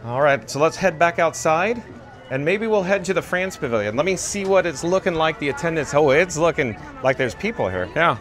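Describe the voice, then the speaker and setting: A man's voice: a little high, expressive, fairly quick, a bit bright, soft background music. A man hosting a live-streamed walking tour outdoors in a theme park, chatting and reading viewer comments aloud, recorded on a handheld mic while walking.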